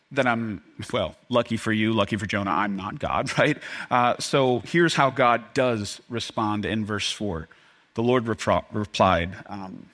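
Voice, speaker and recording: A man preaching a sermon to his congregation, animated and joking, often acting out the voices of the people in the story. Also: medium pitch. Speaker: pastor.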